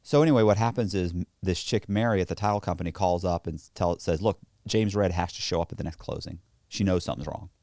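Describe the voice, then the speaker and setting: Talking fast in a deep voice, a man guesting on a podcast tells stories casually and animatedly, swearing often and acting out the voices of people in them. It's a dry, studio-quality recording made in a podcast studio.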